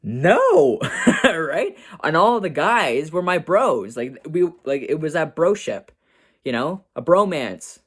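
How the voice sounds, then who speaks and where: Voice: mid-range voice, animated, unhurried, a bit bright. A young adult telling a personal story to camera in a casual, chatty way, peppering talk with "like" and "right?". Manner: chatty, full of "like" and "right?", acts out quoted family voices.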